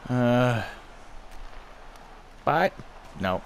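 Young male streamer calling his own game, quick to rage and curse, average pitch, faint hiss behind. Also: lively intonation. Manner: frustrated, swearing, raging at the game. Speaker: gaming YouTuber. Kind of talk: live gameplay commentary.

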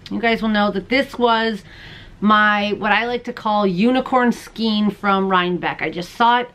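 A woman in her thirties hosting a crochet and knitting podcast, chatting casually to camera at home, bubbly and quick to laugh. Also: medium pitch, a bit bright, slight background noise. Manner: chatty, bubbly, laughs often, talks to viewers as "you guys". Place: at home, indoors.

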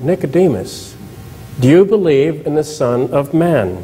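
A man's voice: a little high, lively intonation, slow, dark tone, rough recording. A male pastor giving a church sermon in a conversational way, asking the congregation questions and retelling scripture with dramatized quotes.

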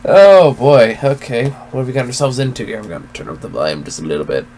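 A man's voice: medium pitch, sing-song, fast, a little mellow, a little hiss or hum. A man hosting a let's play at home, reclining in his chair and giving casual, laid-back commentary with frequent swearing as he thinks aloud.

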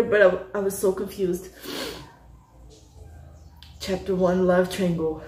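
Excitable young woman in an echoey room. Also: lowish voice, unhurried, long pauses, background noise. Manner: excitable and emotional, gushing, swearing freely. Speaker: reaction channel host. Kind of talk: casual reaction commentary. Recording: echoey room, faint music behind.

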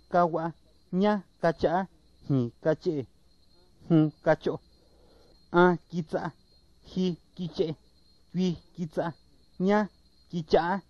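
Slow, careful man reading a word list. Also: fairly high pitch, a little mellow, no echo. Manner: measured, repetitive listing. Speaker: native speaker recording word list. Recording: dull lo-fi 1990s tape, dry.

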